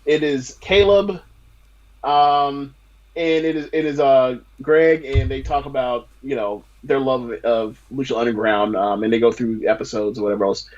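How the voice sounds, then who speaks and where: A man's voice: medium pitch, fairly even intonation, normal speed, darkish tone. Hesitant man on a dull lo-fi line. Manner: hesitant, many restarts and fillers. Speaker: podcast guest. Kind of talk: casual chat.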